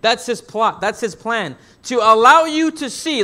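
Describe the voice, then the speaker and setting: A man's voice: very high voice, expressive, measured pace, bright, forceful tone. A man preaching a sermon as pastor. He asks the congregation questions and answers them himself, rephrasing as he goes. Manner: rephrases and restarts mid-thought.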